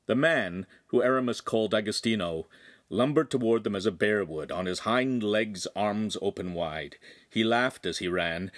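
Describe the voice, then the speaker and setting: A man narrating a young adult novel in a steady storytelling reading. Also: fairly low pitch, dry recording, studio quality. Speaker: audiobook narrator. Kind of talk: scripted narration.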